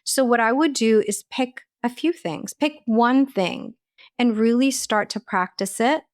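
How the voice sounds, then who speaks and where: A woman's voice: fairly high pitch, a little slow, no echo, clean studio sound. A woman, a holistic nutritionist and life coach, giving earnest, practical advice as an interview guest, with a sprinkling of "like" and "you know".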